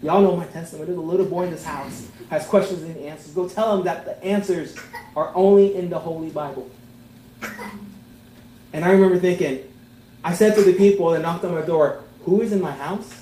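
A male pastor delivers a heartfelt sermon in a fairly high voice. He builds to emphatic peaks and then softens to near-tender lines. The room is echoey, with a faint hum of ambience behind him. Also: fairly even intonation, brisk. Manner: earnest, rising to emphatic peaks then dropping soft and tender.

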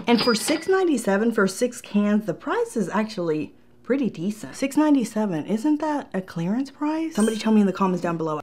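A woman's voice: mid-range voice, a little mellow. A woman vlogger who grew up in Puerto Rico, reviewing store products in a gushing, chatty way and talking straight to her viewers, with a Southern American accent slipping in. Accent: Southern American slips in. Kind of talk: casual product review vlog.

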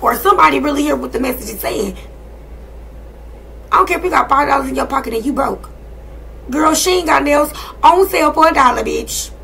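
A woman's voice: high voice, lively intonation, a little fast, creaky, pauses often, sharp tone, slight background noise. A woman in her thirties giving a casual tarot and spiritual reading to her viewers, talking bluntly and sassily with plenty of profanity. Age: 30s. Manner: blunt, profane, sassy and emphatic. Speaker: tarot and energy reader.

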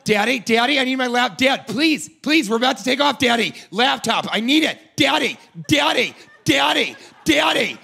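A man's voice: animated, normal speed, vocal fry, hardly any pauses, bright, forceful tone, husky, exaggerated voice. A man voicing a spoiled young woman who nags and pleads in a whiny voice. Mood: whiny pleading. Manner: nagging, shrill repeated pleading. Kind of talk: stand-up bit impression.

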